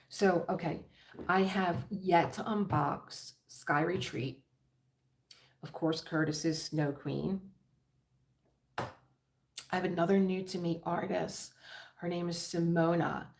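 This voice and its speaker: A woman's voice: lowish voice, fairly even intonation, slow, gravelly, pauses often. Chatty Philadelphia woman on a livestream. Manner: chatty, rambling, laughs often. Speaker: diamond painting livestream host. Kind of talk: casual livestream chat.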